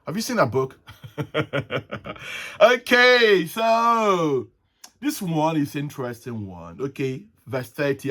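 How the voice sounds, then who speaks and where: A man hosting a casual solo talk show, rambling and halting, with frequent restarts and soft chuckles. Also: fairly high pitch, animated. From Nigeria. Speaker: host. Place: at home, with tea.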